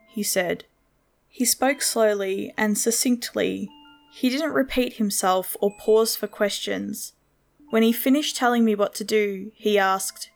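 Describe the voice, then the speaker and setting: Woman reading a creepy story slow and steady, soft music behind. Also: mid-range voice, gravelly. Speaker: horror story narrator. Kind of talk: scripted horror narration.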